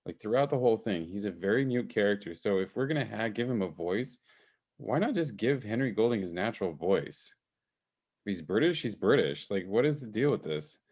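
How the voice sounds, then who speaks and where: A man's voice: on the low side, expressive, brisk, darkish tone. A man co-hosting a casual film podcast over a video call, talking enthusiastically with many fillers. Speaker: podcast co-host, film reviewer.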